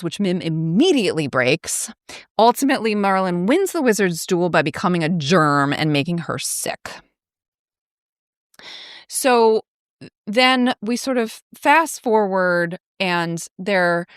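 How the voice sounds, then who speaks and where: A young woman hosting a podcast, telling a movie's plot in a loose, chatty way. Her voice sits a little low, and the recording is dry and close with no room sound. She keeps slipping into quick, higher acted-out quotes. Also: fairly bright tone, no echo. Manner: chatty, peppered with "like", acts out quotes in bouncy voices. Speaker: podcast host. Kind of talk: casual movie recap.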